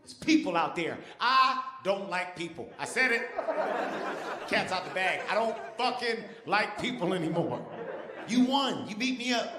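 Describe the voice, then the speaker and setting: A man performing a stand-up comedy set, loud and animated, shouting his punchlines. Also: high voice, moderate pace, background noise.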